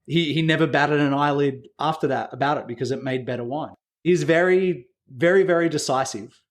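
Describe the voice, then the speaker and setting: A man's voice: on the high side, a little fast. A man who runs a winery, a guest on an interview podcast, telling casual stories full of fillers and acted-out dialogue. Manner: anecdotal, acts out quoted dialogue with filler words.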